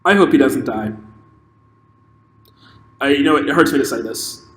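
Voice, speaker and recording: A man's voice: mid-range voice, normal speed. A man hosting a podcast, giving an impassioned solo opinion monologue that halts and restarts as he thinks aloud. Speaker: podcast host. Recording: echoey room with long reverb and faint noise.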